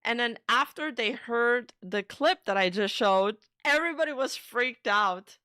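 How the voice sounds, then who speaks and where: Young woman streamer, mid-pitched smooth voice, loose chatty delivery with casual swearing, dry sound. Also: expressive, unhurried, pushed and bright, no room sound. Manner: chatty, swears freely, many "like" fillers. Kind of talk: casual reaction commentary.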